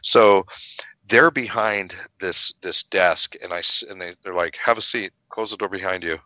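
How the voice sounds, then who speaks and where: A middle-aged man telling a long story in casual chat, animated, acting out the people he quotes and swearing freely. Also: deep voice, moderate pace, no room sound. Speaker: guest telling his story.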